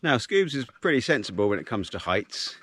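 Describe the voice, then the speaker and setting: A man's voice: lowish voice, big pitch swings, fairly quick, a bit bright, slight background noise. A man chatting casually as he vlogs a hike with his dog, easily amazed and full of ums, recorded outdoors on a handheld camera. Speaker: vlogger hiking with his dog. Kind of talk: casual walking vlog narration. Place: outdoors on a gorge hiking trail.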